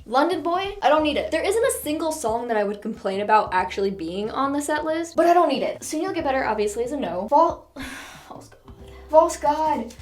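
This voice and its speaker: Gushing, excitable woman fan. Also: sits high. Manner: gushing, rambling, quick mood swings into squeals. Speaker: reaction channel host. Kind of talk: excited casual chat ranking songs.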